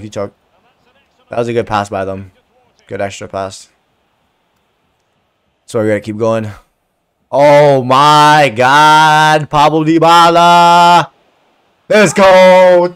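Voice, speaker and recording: A man giving excited commentary over his own soccer video game match, cheering, swearing and shouting at teammates. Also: on the high side, clear, resonant tone. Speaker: gaming video creator.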